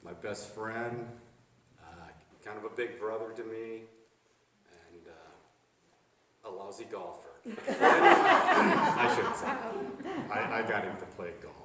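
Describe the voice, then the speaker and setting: A man's voice: lowish voice, unhurried, pauses often. A man telling plainspoken stories about a late neighbor and friend at a memorial. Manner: plainspoken, storytelling. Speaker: eulogy speaker. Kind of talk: memorial remarks. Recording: echoey and distant, with noise.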